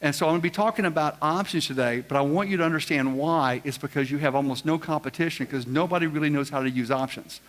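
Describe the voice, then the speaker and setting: A man's voice: a little high, fast, few pauses. A man giving a live seminar talk, quizzing the audience in a folksy, joking way. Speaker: seminar speaker. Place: large event room with audience. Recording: long hall reverb.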